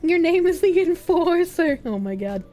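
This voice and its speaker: A woman streamer in casual chat, reading out donations with giggly laughs, loud outbursts and swearing. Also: very high-pitched, sing-song, normal speed. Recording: faint music behind voice.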